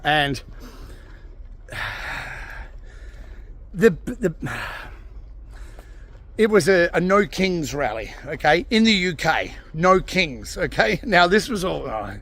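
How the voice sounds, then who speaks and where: Guy on a sweary angry rant, sighs a lot, raspy gravel in the voice. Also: sits high, big pitch swings, slow, long pauses, fairly bright tone. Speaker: vlogger. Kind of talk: ranting commentary.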